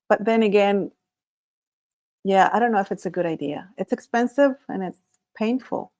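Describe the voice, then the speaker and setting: A woman's voice: mid-range voice, unhurried, a little mellow. A woman hosting a casual live stream, reading chat comments and talking with playful, frequent laughter. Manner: laughs often, playful and chatty. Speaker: channel host reading chat.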